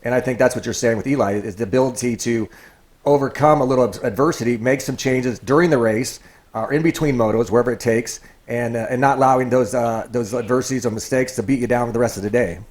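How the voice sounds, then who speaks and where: A man's voice: mid-range voice, steady tone, fast talker, darkish tone. A man co-hosting a casual chat, rambling and repeating words as he explains. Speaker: podcast host.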